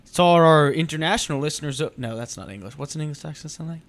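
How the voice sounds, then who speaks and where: A man with a slightly higher voice co-hosting a casual beer-tasting podcast. He jokes around, fires off questions and sounds playfully indignant. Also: lively intonation, fast. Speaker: podcast co-host.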